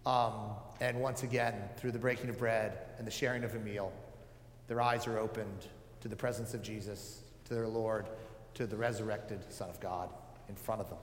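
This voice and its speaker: A man's voice: on the low side, fairly even intonation, moderate pace, slight background noise. Man preaching in an echoey hall. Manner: casual, joking asides, many fillers. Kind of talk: conversational sermon. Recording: echoey hall with long reverb.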